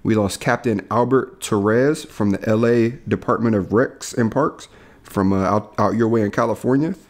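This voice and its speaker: Laid-back man telling stories, low voice. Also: moderate pace. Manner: laid-back, laughing storyteller. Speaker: podcast co-host. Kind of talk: casual chat.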